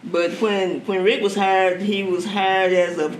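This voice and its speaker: A man tells stories in a chatty way, laughing and acting out the quotes. His voice sits fairly high. The sound is echoey, with faint noise behind. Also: flat delivery, a little slow. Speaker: former athletic director. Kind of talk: storytelling at a reception. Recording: echoey hall.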